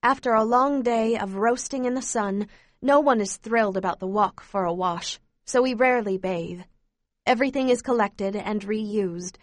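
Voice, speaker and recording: A woman giving steady, measured first-person narration of a memoir as an audiobook reader. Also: a little high, no room sound.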